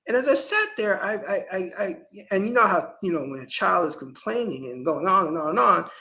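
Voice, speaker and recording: Male priest, spiritual talk, preachy and emphatic, pitch swinging all over. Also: fairly bright tone, low-quality recording. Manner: emphatic, preachy, lots of restarts. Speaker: Kemetic priest. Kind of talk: spiritual lecture monologue.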